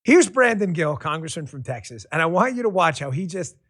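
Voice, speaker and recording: A man from Queens hosting a political talk show, loud, passionate and profane, mocking his opponents with sarcasm. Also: a little high, very animated, brisk. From Queens, New York. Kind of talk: heated political commentary.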